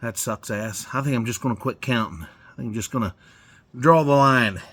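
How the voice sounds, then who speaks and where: A man's voice: mid-range voice, moderate pace, a bit bright, husky. A man in his forties rambling casually in his garage, swearing and chuckling as he goes. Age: 40s. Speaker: garage vlogger. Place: home garage.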